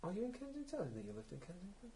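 Man voicing a breezy Cockney postman, lively pitch, players laughing nearby. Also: very fast, echoey room, crowd noise, heavily acted. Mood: cheeky. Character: chirpy Cockney male postman.

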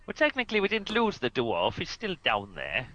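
A man's voice: a little high, huge pitch swings, normal speed, bright, forceful tone, muffled recording. A man playing in a tabletop game, chatting playfully and joking with a laugh. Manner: playful, jokey, laughs often. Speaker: player. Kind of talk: casual chat.

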